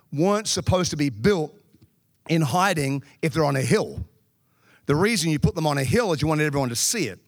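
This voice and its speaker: A man's voice: a little high, no room sound, studio quality. A man preaching a sermon to a congregation, telling humorous personal stories. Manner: humorous storytelling, addresses the congregation.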